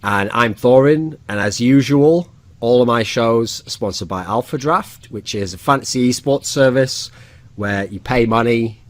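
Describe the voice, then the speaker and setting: A man's voice: medium pitch, a little slow, dry recording. Casting: man, podcast host, joking and teasing, dry close-miked sound. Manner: teasing, joking, lots of laughing asides. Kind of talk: casual podcast chat.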